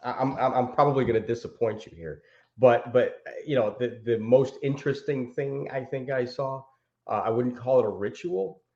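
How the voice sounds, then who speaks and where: A man's voice: medium pitch, steady tone, normal speed, a little mellow. A man who is a podcast guest, explaining things eagerly, with stumbling restarts. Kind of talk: casual podcast chat. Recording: echoey muffled remote audio.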